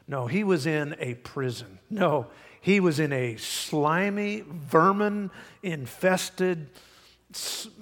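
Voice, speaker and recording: Man, pastor, preaching, folksy, emphatic, fairly high voice, long church echo. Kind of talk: sermon. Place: church sanctuary.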